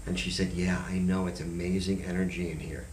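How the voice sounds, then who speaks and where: Host, male, animated storyteller who acts out the voices, echoey room, off-mic, faint hiss. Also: low voice, brisk, recorded from a distance. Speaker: host and psychic medium. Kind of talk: casual storytelling on a talk show.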